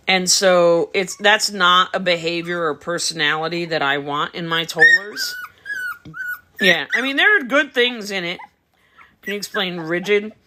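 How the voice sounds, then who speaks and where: A middle-aged woman who breeds dogs chats casually on a livestream from home, sitting beside a whelping box of puppies. She explains her methods and responds to viewer comments in a lowish, bright, forceful voice.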